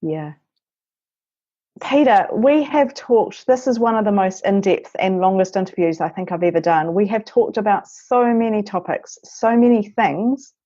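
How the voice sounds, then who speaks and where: A woman's voice: mid-range voice, lively intonation, normal speed, mellow, highs cut off. A woman hosting an interview podcast, affirming and encouraging her guest as she asks questions and wraps up. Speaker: podcast host.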